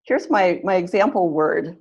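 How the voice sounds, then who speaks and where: Low-ish, gravelly and a little mellow, her slightly rough voice is expressive and measured, though the audio is dull. As facilitator of an online pronunciation webinar, she encourages learners, repeats her phrases often, and runs drills and clapping exercises.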